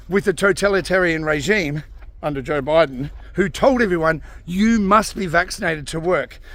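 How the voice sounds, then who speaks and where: A man's voice: high voice, a bit bright. A man ranting in a vlog, angry and swearing, with frequent sighs. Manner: angry, sighing, swearing rant. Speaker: vlogger. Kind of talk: ranting commentary.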